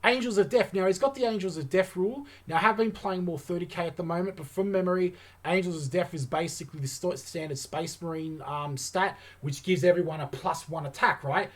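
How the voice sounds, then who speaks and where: A man's voice: high voice, fairly quick, hardly any pauses. A man hosting a wargaming channel, talking through tabletop game rules in a casual, enthusiastic way and thinking aloud with lots of fillers.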